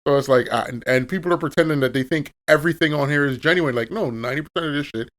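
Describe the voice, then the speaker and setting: A man co-hosts a podcast, pressing his points hard with swearing and sarcasm. His voice sits a bit higher than most men's. It is loose, casual talk. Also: racing, a bit bright. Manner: profane, emphatic, sarcastic. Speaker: podcast co-host.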